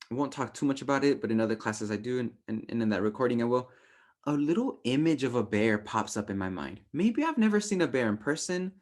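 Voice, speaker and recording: A young man teaches a relationship class in a loose, animated way, checking in with listeners by asking "right?". His voice sits at a middle pitch, and he slips into playful voices to act out his own quoted thoughts. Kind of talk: casual teaching talk.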